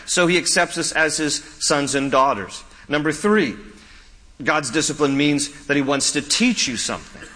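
A man preaching a sermon as a pastor, repeating his key points and telling stories with animated, lively delivery. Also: a little high, normal speed. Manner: animated storytelling with laughs and quoted voices. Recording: long hall reverb.

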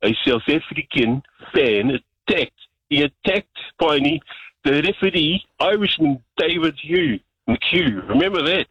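Brief: New Zealand male caller, mid pitch, dull muffled dry line, emphatic and matey. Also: lively intonation, a little slow, a bit bright, slightly rough, no room sound. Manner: emphatic, keeps saying mate. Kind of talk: casual phone-in chat.

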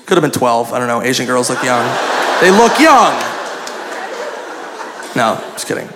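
A man doing stand-up, telling a story in an animated, profane, self-mocking way. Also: medium pitch, fast, over a noisy crowd, heavy background noise. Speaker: stand-up comedian. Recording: live club with audience laughter.

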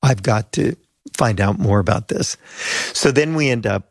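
A man's voice: lowish voice, lively intonation, moderate pace, creaky, no echo, clean studio sound. An older man, a pastor and mission leader from the United States, telling stories as an interview guest and acting out the voices of people he quotes. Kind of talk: storytelling interview.

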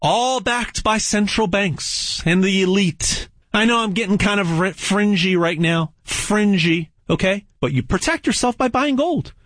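A man delivers a folksy, emphatic sales pitch and hammers his points home by repeating them. His husky voice swings lively up and down. The sound is dry and close. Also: moderate pace, dry recording.

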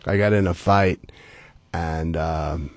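A middle-aged man, a former baseball player, telling stories as a guest in casual talk, animated and acting out the people he quotes. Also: low-pitched, slow, no echo. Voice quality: gravelly, husky. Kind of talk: casual storytelling.

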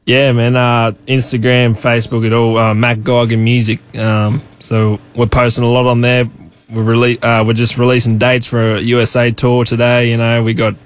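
A man's voice: medium pitch, monotone, normal speed, clean tone. Laid-back Australian man. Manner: easygoing, laid-back, says man a lot. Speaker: musician guest. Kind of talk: casual radio interview.

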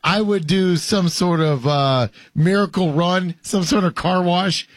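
Guy hosting sports talk, kinda high voice, dry sound, rambles and laughs a lot. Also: a little slow, no echo. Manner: rambling, laughing, filler-heavy. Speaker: host. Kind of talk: casual sports radio talk.

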